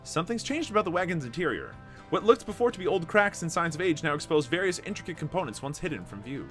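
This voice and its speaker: A man hosting a gameplay video, reading the game's text aloud and commenting with excitement. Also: fairly high pitch, fast talker, soft background music. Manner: animated, reads dialogue aloud with excitement.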